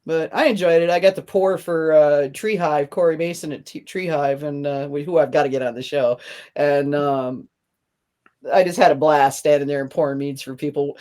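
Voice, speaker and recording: Chatty, laughing woman host, lowish voice. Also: normal speed, mellow. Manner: chatty, rambling, laughs often. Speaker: podcast host. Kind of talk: casual chat.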